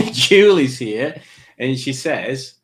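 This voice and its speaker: A man's voice: mid-range voice, very animated, very slow. Rambling, jokey British man. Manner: jokey, self-mocking, easily sidetracked. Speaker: livestream host. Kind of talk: rambling live-chat banter.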